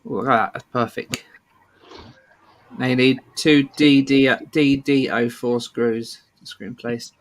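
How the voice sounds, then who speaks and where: A man's voice: medium pitch, steady tone, unhurried. A man chatting on a live build stream, encouraging the builder and reading out steps. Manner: encouraging, gives build instructions. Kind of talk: casual chat.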